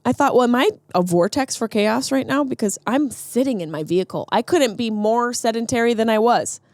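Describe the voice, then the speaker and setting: A woman's voice: on the high side, fairly quick, a little mellow, dry recording, clean studio sound. A woman podcast host in a comedic monologue, ranting animatedly with rhetorical questions.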